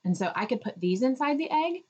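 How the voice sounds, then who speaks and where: A woman, a speech therapist, talking parents through home activities with plenty of "um" and "right?", now and then slipping into a bright, slow, child-directed voice to show how it's done. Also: very animated, slightly rough, muffled recording. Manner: demonstrates child-directed talk with raised pitch and drawn-out words; uses fillers and frequent "right?". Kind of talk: instructional talk to parents.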